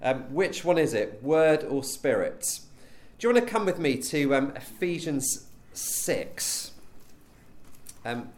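A man preaching in a relaxed, conversational teaching session, full of rhetorical questions and little ums. His pitch swings widely, rising and falling as he makes his points, while his voice sits in a mid range. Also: slow.

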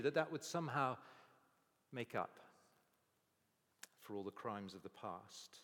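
A man's voice: mid-range voice, expressive, measured pace, long pauses, a bit bright. A man preaching a sermon, telling stories and acting out the people's voices in quotes. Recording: long reverb of a large hall.

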